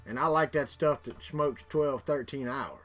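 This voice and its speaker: A man's voice: mid-range voice, measured pace, a bit bright, faint music behind. A middle-aged man from Florida with a Southern accent, chatting casually with live viewers in a rambling way, repeating words and chuckling. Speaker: livestream host.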